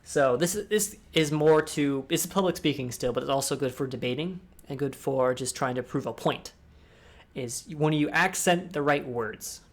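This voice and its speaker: A young man from the United States giving a casual, rambling talk on public speaking, with restarts and asides. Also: medium pitch. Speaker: discord talk host.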